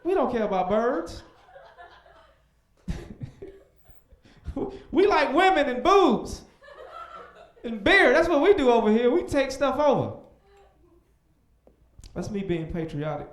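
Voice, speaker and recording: On an echoey comedy club stage, a young man delivers a stand-up set in a high, lively voice, speaking slowly and leaving long pauses. His manner is animated, and he belts out the punchlines in loud, shouted voices.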